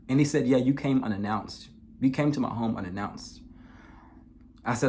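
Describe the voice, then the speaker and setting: A man's voice: mid-range voice, normal speed, slight background noise. A man telling his own true story in a documentary, speaking earnestly and often repeating words and restarting when emotional. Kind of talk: personal true-crime storytelling.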